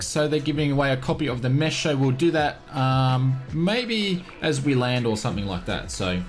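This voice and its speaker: A man with an Australian accent and a slightly high voice hosts a live flight sim stream. He chats in an upbeat way, greeting viewers one by one.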